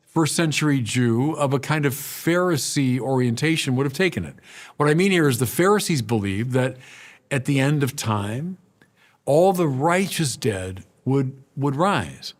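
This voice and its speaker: A middle-aged man, a priest, preaching a sermon in a conversational way, with rhetorical questions to the congregation and frequent repeated words. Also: mid-range voice.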